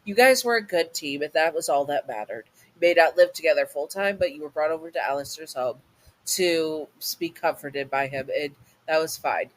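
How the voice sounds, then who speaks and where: A woman's voice: sits low, moderate pace, low-quality recording. A woman casually reading a second-person fan audio story, often stumbling over and restarting words.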